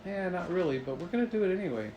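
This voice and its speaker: A man voicing a calm, heroic young man in a bedtime story, in a low, steady tone. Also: racing, echoey room, dull audio, noisy background. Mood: reassuring.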